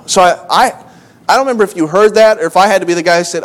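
High-voiced man preaching a chatty sermon. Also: very fast, a bit bright. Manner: storytelling, restarts phrases, self-mocking asides; reads scripture in old-fashioned wording. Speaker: pastor. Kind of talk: conversational sermon.

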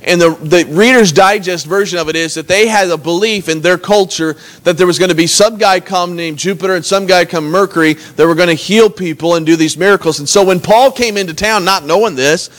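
A man's voice: high voice, fairly quick, hardly any pauses, a bit bright. A man preaching a sermon as pastor, earnestly reading scripture and retelling it in everyday words. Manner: earnest preaching, reads scripture aloud and retells it in plain talk.

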